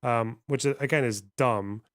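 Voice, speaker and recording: A man's voice: medium pitch, unhurried, fairly bright tone, no echo, studio quality. A man chatting casually on a live stream, rambling and swearing as he reacts to chat.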